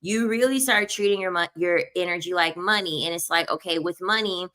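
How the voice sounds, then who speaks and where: Woman in her 30s ranting casually, blunt and repeats herself, kinda low but punchy bright tone. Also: fairly quick. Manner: blunt, emphatic, repeats points. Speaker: online commentator. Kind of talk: casual opinion commentary.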